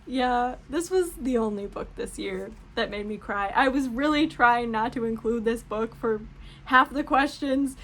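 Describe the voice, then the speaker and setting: Young female booktuber, chatty and gushing, slightly high voice, faint hiss behind. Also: measured pace, a bit bright. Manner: gushing, chatty, laughs often. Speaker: book vlogger. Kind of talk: casual book tag chat.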